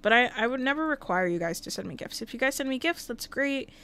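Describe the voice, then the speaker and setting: A woman's voice: a little high, animated, quick pace, pushed and bright, clean tone. A woman casually commenting while livestreaming a life-sim game, talking to the characters and thanking viewers. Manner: chatty, talks to game characters and chat.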